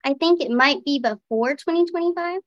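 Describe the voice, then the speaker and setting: Female tarot reader, bit high-pitched, dry mic, easy musing delivery. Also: brisk, no echo, lo-fi sound. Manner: relaxed, thinking aloud while reading cards. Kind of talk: casual tarot reading.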